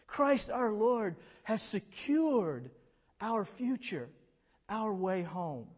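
A man preaching, a dramatic storyteller who swings from hushed to loud. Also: high-pitched, very animated, extremely slow, slightly rough. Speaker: pastor. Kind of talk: sermon storytelling. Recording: long reverb in a hall.

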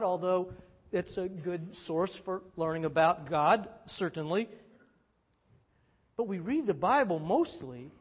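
Slow, high-voiced man preaching. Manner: rises to emphatic peaks then drops low and soft; slow, measured phrasing with repeated refrains. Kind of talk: sermon.

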